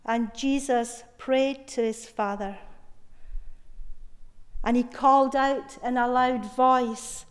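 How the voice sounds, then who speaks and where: A woman preaches slowly and deliberately, her voice sitting high, with heartfelt weight on key words. Her sermon rings out with a long, lingering reverb, as if in a large hall. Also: steady tone. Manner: slow, measured retelling with emphatic, heartfelt stresses.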